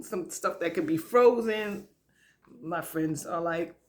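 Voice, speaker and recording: Slow, chatty woman cooking at home. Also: fairly low pitch. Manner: chatty, laughs often, talks to viewers as y'all. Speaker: home cook vlogger. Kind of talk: casual cooking chat. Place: home kitchen.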